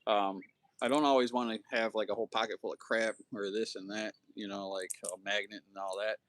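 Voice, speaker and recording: A man who has children hosts a casual slingshot livestream, rambling in a laid-back way and saying "dude" and "man" a lot. His voice is on the low side and a bit bright, fairly quick, with fairly even intonation.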